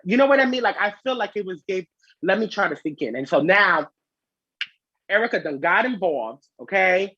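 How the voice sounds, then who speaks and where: A sassy male vlog host dishes gossip in a chatty, animated way at a moderate pace, his husky, breathy voice sitting at a middling pitch. The recording sounds dry and slightly dull, like lo-fi home audio with no room sound.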